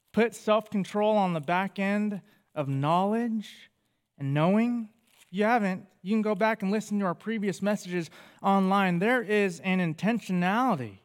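A man's voice: high voice, big-room sound. A male pastor preaching a sermon, reading scripture aloud with feeling and explaining it to the congregation. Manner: animated, reads scripture with feeling.

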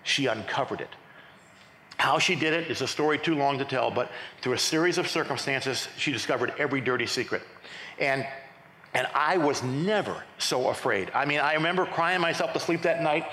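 A middle-aged male pastor telling his testimony in a lively sermon, often restarting his sentences. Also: medium pitch, normal speed, slight background noise. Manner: animated storytelling with repeated restarts. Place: large church sanctuary. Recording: echoey church hall.

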